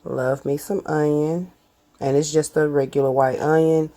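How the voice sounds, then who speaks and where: A woman's voice: deep voice, little pitch movement, moderate pace, mellow. Lady doing a cooking vlog, chatty, keeps saying y'all. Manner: chatty, addresses viewers as y'all. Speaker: cooking vlogger.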